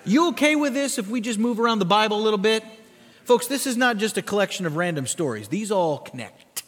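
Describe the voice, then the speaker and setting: A man preaching a sermon, emphatic, swinging between quiet low stretches and loud peaks, leading the congregation through scripture. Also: expressive, brisk. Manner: asks the congregation to repeat words and follow in their Bibles. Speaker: pastor. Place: church sanctuary. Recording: long reverb of a large church hall.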